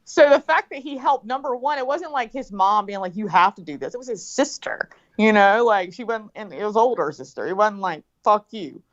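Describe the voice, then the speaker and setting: A woman's voice: on the high side, a little fast, few pauses. Middle-aged woman swearing her way thru a story, acts out the quotes, kinda dull lo-fi sound. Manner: animated, profane storyteller acting out quotes. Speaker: guest. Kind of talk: casual storytelling chat.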